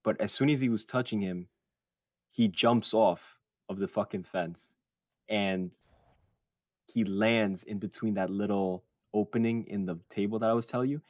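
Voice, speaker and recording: A young man with a fairly low voice tells a story from his childhood on a podcast, swearing freely and acting out what others said. He sounds close to the mic in a dry space. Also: normal speed, dry recording. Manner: animated and profane, quotes others in put-on voices. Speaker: podcast co-host. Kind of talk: casual storytelling.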